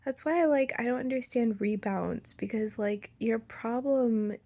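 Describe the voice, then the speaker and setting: A young woman vlogger with an American Valley girl accent chats casually to the camera in a warm, slightly high voice at a measured pace. She fills her talk with "like," playful asides, and lines she half-whispers.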